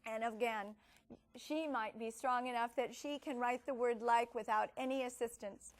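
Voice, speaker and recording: A woman explaining how to teach writing, modeling lessons with encouraging classroom praise and slowly stretched words. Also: on the high side, fairly even intonation. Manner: slow, exaggerated stretching of words when modeling. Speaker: teacher trainer. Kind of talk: instructional demonstration.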